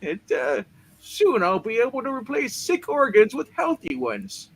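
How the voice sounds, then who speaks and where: A man's voice: very high-pitched, expressive, a little slow, gravelly, husky, heavily acted. A man voicing a brash young male scientist, boastful and crude, swearing as he tells his story, with faint noise behind.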